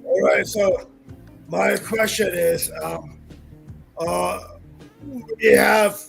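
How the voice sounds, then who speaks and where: Gravelly, high-pitched, ranting male caller. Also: steady tone, a bit bright, soft background music. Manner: halting and stumbling, then swearing angrily. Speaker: livestream caller. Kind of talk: angry call-in rant.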